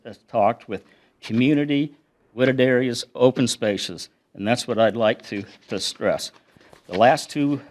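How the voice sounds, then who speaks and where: A middle-aged man giving a prepared public comment at a council meeting, earnestly listing his points and reading quotes aloud into a podium mic. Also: mid-range voice.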